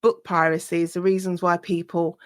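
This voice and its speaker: A woman hosting a podcast interview, expressive in her speech and quick to laugh. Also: on the low side. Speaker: podcast host. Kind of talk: conversational interview.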